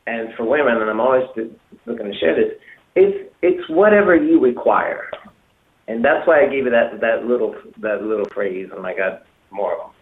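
Through echoey, tinny audio resembling a phone line, a man with an expressive mid-range voice speaks at normal speed. The dating coach gives emphatic talk-show advice, repeating himself and acting out lines.

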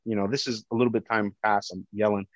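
Big loud-voiced cop telling what happened to him, lo-fi and dry. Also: male voice, on the low side, little pitch movement, fast talker, no echo. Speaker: police officer telling his story. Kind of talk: personal testimony. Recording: dull, dry lo-fi recording.

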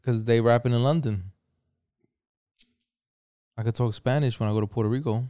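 A man's voice: medium pitch, steady tone, normal speed, dark tone, no echo, studio quality. A man in casual chat, arguing playfully and swearing. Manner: argumentative, laughing, profane.

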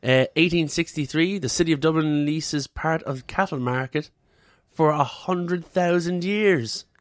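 A man's voice: fairly high pitch, unhurried, dry recording, clean studio sound. A man co-hosting a casual podcast, reading out historical dates and joking, often swearing. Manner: jokey, swears a lot, acts out silly voices. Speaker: podcast co-host.

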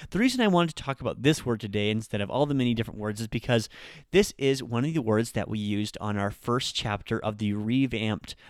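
Upbeat male podcast host, smooth dry voice. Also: animated, brisk, no room sound. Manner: upbeat, jumps to a higher pitch when quoting examples. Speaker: podcast host, language teacher. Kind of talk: casual podcast lesson.

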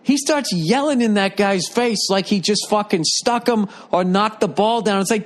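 A man's voice: high voice, normal speed, few pauses. An older man ranting in a rambling, profane, exasperated way, like a commentator. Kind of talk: profane comedic rant.

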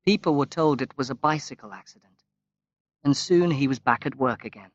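A man reading a novel aloud as an audiobook narrator, in a slow, measured way. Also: medium pitch, no echo. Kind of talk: scripted narration. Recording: dull, lo-fi, dry recording.

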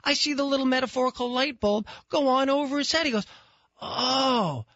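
A man hosting a talk radio show, telling a story in an animated, exasperated way. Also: extremely high pitch, normal speed, no room sound, highs cut off. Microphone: studio microphone.

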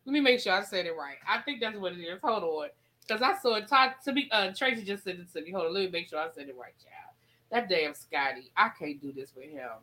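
A woman's voice: medium pitch, lively intonation, pushed and bright, low-quality recording. A woman hosting a casual commentary show, talking in a sassy, emphatic way and drawing out her repeated phrases. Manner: sassy, emphatic, drawn-out repetitions. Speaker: show host.

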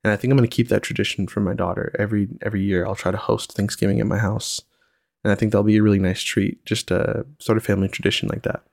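A young adult man with a low, gravelly voice talks through a casual solo podcast. He is relaxed and reflective, with frequent ums and pauses, recorded close and dry. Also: dry recording. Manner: relaxed, reflective, many fillers. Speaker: podcast host, single father.

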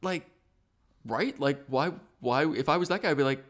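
A man's voice: a little high, moderate pace. A man co-hosting a podcast, recapping a TV episode in casual chat, swearing a lot and acting out the characters' lines. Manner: profane, animated, acts out quotes. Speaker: podcast co-host.

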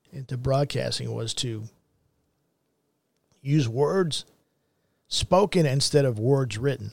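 A man's voice: medium pitch, creaky, no room sound. A middle-aged man hosting a commentary show, ranting in a blunt, profane and heated way. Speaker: show host.

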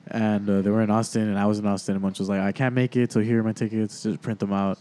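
A man hosting a casual, profane chat, relaxed and slangy, with bits of Spanish slang mixed in. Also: on the low side, quick pace. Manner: laid-back, slangy, mixes in Spanish slang. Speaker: podcast host.

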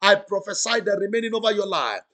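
A man's voice: high-pitched, animated, quick pace, sharp tone. A male pastor praying fervently, repeating declarations and breaking into tongues during an online broadcast. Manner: fervent, repetitive, chanting, speaks in tongues; commanding calls for audience response. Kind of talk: prophetic prayer on an online broadcast.

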